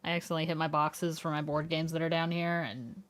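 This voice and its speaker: A woman's voice: low-pitched, steady tone, fast. Giggly young woman chatting on stream. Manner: giggly, laughs often between sentences; soft, coaxing voice when calling her dog. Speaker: live streamer. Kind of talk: casual livestream chat. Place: at home.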